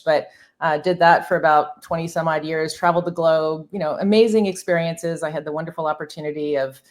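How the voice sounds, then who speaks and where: A woman in her fifties talking candidly as a podcast guest, chatty with many fillers and restarts. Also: deep voice. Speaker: podcast guest, marketing agency founder. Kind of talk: conversational interview.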